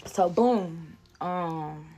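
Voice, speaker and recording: Gravelly-voiced woman telling a rambling story. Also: on the low side, extremely slow, warm tone, a little hiss or hum. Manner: rambling, profane, acts out quotes in raised voices. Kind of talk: casual storytime.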